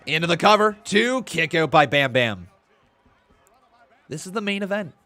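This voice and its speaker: A man's voice: on the high side, lively intonation, moderate pace, pushed and bright. A man in his twenties chatting on a live stream, reading chat aloud and calling play-by-play, a little tired and yawning. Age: 20s. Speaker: watch-along streamer.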